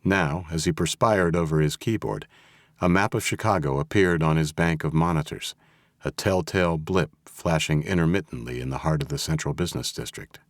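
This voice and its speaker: A man narrating a thriller audiobook in a steady, even storytelling manner. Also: very deep voice, normal speed, dry recording. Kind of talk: scripted narration. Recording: dry close studio audio.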